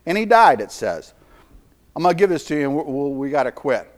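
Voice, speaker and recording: A middle-aged man delivers a sermon with a lively, rising-and-falling voice that sits a little high for a man. He speaks in a folksy way, repeating phrases for weight and dropping from loud declarations into quiet asides. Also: a little fast. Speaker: preacher.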